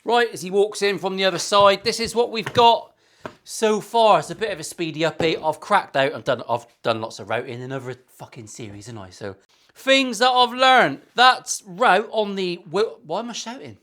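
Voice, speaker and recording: A middle-aged man chats his way through a guitar build in his home workshop. His voice sits a little higher than most men's, and he keeps up a steady stream of swearing and self-mockery. The talk is loose and wandering, aimed straight at his viewers. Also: fairly quick. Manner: sweary, self-mocking, rambling. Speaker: luthier and channel host. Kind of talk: casual workshop vlog banter.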